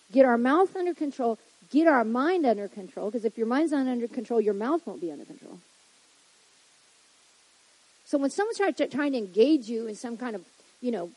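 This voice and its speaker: A woman's voice: fairly high pitch, mellow, husky, no echo, poor audio. A woman pastor preaching to church leaders in a conversational way, often checking in with her listeners and acting out little quoted exclamations.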